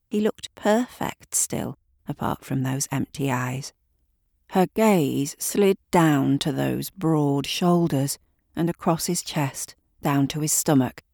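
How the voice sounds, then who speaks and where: A woman narrating a dark story in a measured, deliberate way. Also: low-pitched, creaky, no echo, studio quality. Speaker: audiobook narrator. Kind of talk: scripted narration.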